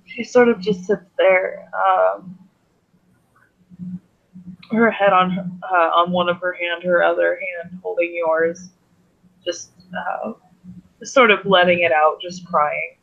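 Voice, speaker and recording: A man narrating his character's actions in a tabletop role-play, halting and with many fillers. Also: high voice, little pitch movement, creaky, a bit bright, highs cut off. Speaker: player.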